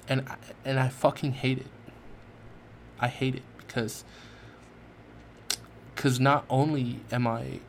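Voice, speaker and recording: A man speaks into his podcast mic in a voice of ordinary middle pitch, earnest and raw, stumbling over his words and swearing as he goes. A faint hiss of noise sits under his voice. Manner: earnest, repetitive restarts, heavy swearing. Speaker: podcast host. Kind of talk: heartfelt personal monologue.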